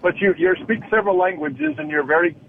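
A male caller with a slightly higher voice comes through a dull phone line. A faint hiss sits under him. He keeps pressing his question with curious persistence. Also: animated, fast talker, gravelly. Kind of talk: call-in radio chat.

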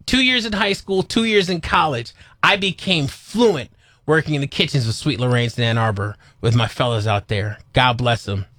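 A man's voice: medium pitch, normal speed, bright, forceful tone, no echo, clean studio sound. A man co-hosting a radio show, playful and teasing in casual banter. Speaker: radio co-host.

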